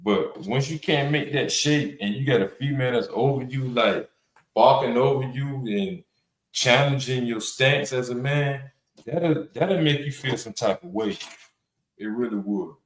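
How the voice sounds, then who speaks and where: A man's voice: medium pitch, unhurried. Blunt, rambling man in an echoey room. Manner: blunt, rambling, profane, many fillers. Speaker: host of a reaction podcast panel. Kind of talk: casual reaction commentary. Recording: roomy echo.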